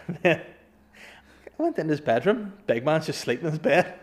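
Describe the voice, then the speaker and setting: A man's voice: sits high, sing-song, moderate pace, vocal fry. A man in casual chat, telling anecdotes, swearing and acting out what people said. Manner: swearing, laughs through his stories, acts out dialogue. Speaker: storyteller guest.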